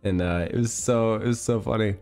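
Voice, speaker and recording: A man's voice: lowish voice, brisk, darkish tone, faint music behind. A man streamer telling a story in a casual chat stream. He rambles, fills his talk with fillers, and giggles often.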